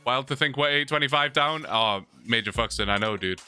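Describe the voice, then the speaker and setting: A man's voice: mid-range voice, a little fast, bright, forceful tone, soft background music. A young man chatting casually on a long livestream, rambling, reading chat and laughing often, his mouth sore from talking.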